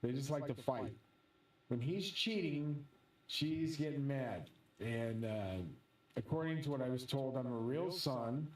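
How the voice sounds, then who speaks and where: A man rambling through a profane, excitable monologue as host of his own channel. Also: medium pitch, a little slow, roomy sound, far from the mic, low-quality recording.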